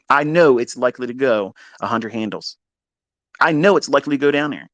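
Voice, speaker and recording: A man giving a blunt, profane trading lecture, hammering points with repetition and swinging between loud bursts and low asides. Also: no room sound. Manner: blunt, heavy swearing, emphatic repetition. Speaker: trading educator.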